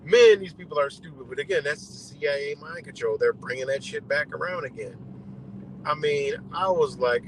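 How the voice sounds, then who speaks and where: A man's voice: fairly high pitch, moderate pace, slight background noise, low-quality recording. A man hosting a live stream, ranting bluntly and exasperatedly with heavy swearing. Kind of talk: profane ranting commentary.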